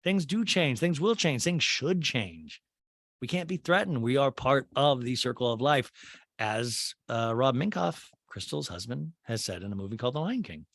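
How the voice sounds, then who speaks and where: A man's voice: medium pitch, animated, normal speed, creaky, a bit bright, no echo, clean studio sound. A man hosting a comedy podcast, recapping a reality show with sarcastic, profane asides and exaggerated mimicked quotes. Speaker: podcast host.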